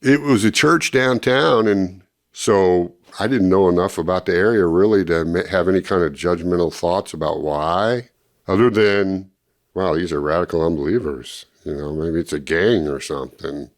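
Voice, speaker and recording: An older man, interviewed, recounting a personal story and acting out what others said in lively bursts. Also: low-pitched, normal speed. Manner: animated storytelling, acting out quoted speech. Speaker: interviewee, former ministry student.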